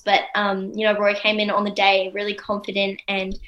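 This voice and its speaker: A woman's voice: medium pitch, monotone, a little fast, fairly bright tone. A young woman from Australia, an actor guest, speaking hesitantly with many ums while praising her director. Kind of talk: casual interview chat. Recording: roomy echo.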